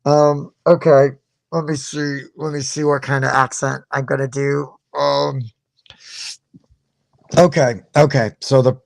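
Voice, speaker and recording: Gravelly-voiced man hosting casual chat. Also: mid-range voice, unhurried, dry recording, studio quality. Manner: relaxed, chatty, hesitant with fillers. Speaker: host. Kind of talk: casual live-show chat.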